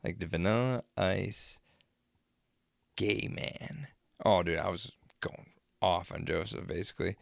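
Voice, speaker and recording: A young man casually telling rambling, crude, excitable stories to his camera. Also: sits low, unhurried, vocal fry, long pauses, no room sound, studio quality. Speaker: vlogger. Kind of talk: casual storytelling.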